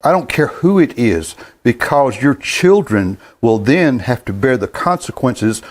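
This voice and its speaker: An older man in his seventies speaks from the heart in a plain, unscripted monologue. He often stumbles and repeats his words, with a mid-pitched voice. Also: expressive, normal speed, few pauses. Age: 70s. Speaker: host. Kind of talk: earnest spoken monologue.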